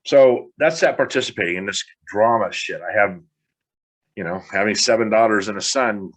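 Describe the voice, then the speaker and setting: A middle-aged podcast host with a fairly low voice delivers a blunt motivational monologue straight into the mic at normal speed. Frustrated, he swears casually as he pushes the listener to stop making excuses.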